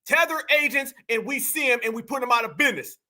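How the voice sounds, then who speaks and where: A man with hosts heated reaction commentary. His voice sits very high and sounds sharp and bright. He mocks and challenges his target with slang and a string of rhetorical questions. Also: fast talker. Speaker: commentary host.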